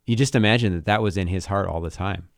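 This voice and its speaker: Low gravelly man, thoughtful podcast talk. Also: no room sound, clean studio sound. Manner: thoughtful, halting, with restarts. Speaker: podcast co-host. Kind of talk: casual Bible discussion.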